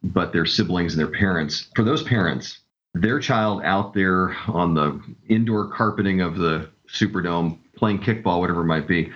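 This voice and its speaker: Deep-voiced enthusiastic man, muffled sound. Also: normal speed. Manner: enthusiastic storyteller. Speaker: camp director guest. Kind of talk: casual interview talk.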